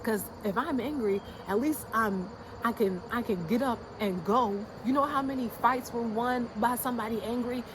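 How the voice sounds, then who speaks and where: A woman's voice: a little high, noisy background. Fired-up slangy woman ranting to camera. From United States. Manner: emphatic, repetitive, slangy and blunt; fired-up and insistent. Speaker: YouTube creator. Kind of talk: casual motivational rant to camera.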